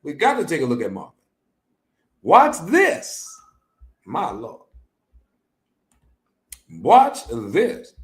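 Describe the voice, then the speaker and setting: A man giving animated reaction-video commentary, full of exclamations. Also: a little high, slow pace, long pauses, echoey room. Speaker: online commentator.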